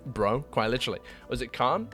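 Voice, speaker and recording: Young man, British accent, middle pitch, casual livestream chat, laughs often, faint background music. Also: sing-song, fairly quick, bright, forceful tone. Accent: British English. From United Kingdom. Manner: chatty, laughs often, bursts into high-pitched disbelief. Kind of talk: casual chat with stream viewers.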